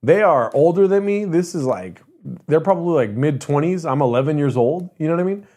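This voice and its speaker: Fairly quick and expressive, this thirty-something streamer's voice sits on the high side with a dark tone. He rambles through a story for his live chat, swearing and interrupting himself as he goes.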